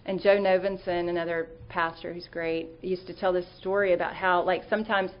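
A woman's voice: fairly low pitch, level tone, fairly quick, muffled recording. Earnest woman giving a conversational talk. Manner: earnest, storytelling, with fillers and restarts.

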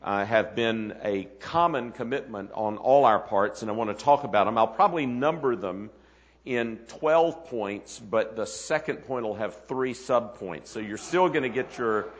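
A man's voice: mid-range voice, normal speed. Man giving a conference address in a hall. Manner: earnest, with frequent fillers and restarts. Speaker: conference leader. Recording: long hall reverb.

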